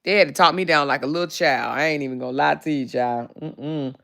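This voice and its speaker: Woman host, casual live chat; smooth clear tone, animated and profane, reads comments aloud. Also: deep voice, brisk. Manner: animated, salty and profane, drawling endearments like child and baby. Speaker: livestream host. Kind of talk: casual livestream chat reading viewer comments.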